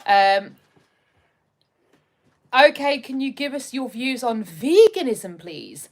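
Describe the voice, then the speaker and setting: A woman's voice: on the high side, very animated, slow. A young woman from just outside London, hosting a live stream in casual chat, rambling with lots of ums as she reads viewer comments. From just outside London, England. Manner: chatty and rambling, with frequent ums and restarts.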